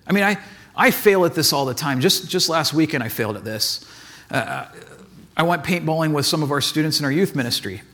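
High, lively-voiced man preaching casually. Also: brisk. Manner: chatty storytelling full of "like" and acted asides. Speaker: pastor. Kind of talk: casual conversational sermon.

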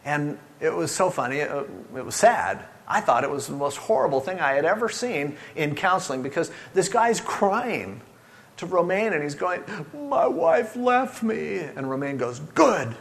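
Animated older male pastor preaching. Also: moderate pace. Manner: animated, swinging from loud urging to hushed low tones. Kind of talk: sermon.

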